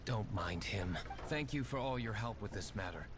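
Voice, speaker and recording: A man's voice: fairly low pitch, lively intonation, moderate pace, very noisy, lightly acted. A man voicing a stern, aloof young nobleman in a game, curt and reserved. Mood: cool. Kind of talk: game voice acting.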